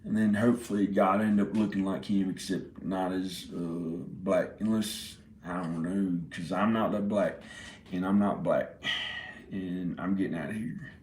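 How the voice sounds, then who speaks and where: A man's voice: deep voice, fairly even intonation, unhurried, darkish tone, slight background noise. A man in his forties rambling in a casual monologue, often laughing and swearing. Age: 40s. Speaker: indie filmmaker. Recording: roomy echo.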